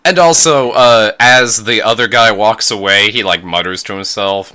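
A man with a low but bright, forceful voice talks through an episode recap in loose, casual banter. He swears often and throws in quick impressions of the characters' lines. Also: clean tone. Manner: swears freely, acts out lines. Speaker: podcast co-host.

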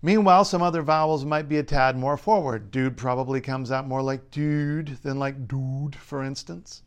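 A linguist and writer narrating a scripted explainer in a clear, wry, lightly humorous way. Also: male voice, medium pitch, fairly even intonation, moderate pace.

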